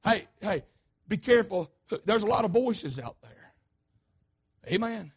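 Man, preacher, sermon, very high voice, lively melody, emphatic call-and-response. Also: measured pace, breathy edge. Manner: swings between shouts and hushed asides.

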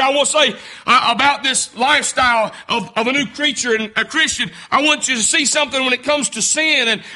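A man with a Southern US rural accent, preaching a sermon as pastor, fervent and rising to shouts. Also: very high-pitched. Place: church sanctuary.

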